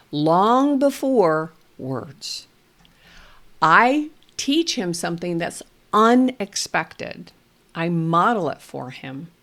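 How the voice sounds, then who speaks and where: Lively, slow-paced woman host. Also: fairly low pitch. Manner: playful and expressive, drops to a hush to stress points. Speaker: speech-language therapist and host. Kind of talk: educational storytelling to parents.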